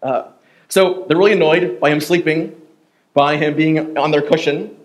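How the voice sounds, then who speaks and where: A man's voice: a little high, fairly even intonation, normal speed. A man preaching a sermon in a church, casual and joking, full of fillers and asides. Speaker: pastor. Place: church sanctuary.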